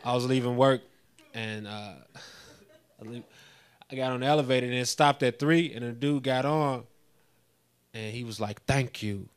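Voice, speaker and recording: Deadpan stand-up comedian man. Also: medium pitch, moderate pace, clean tone. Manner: deadpan, building to indignant rants. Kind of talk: stand-up routine. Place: live comedy venue with an audience.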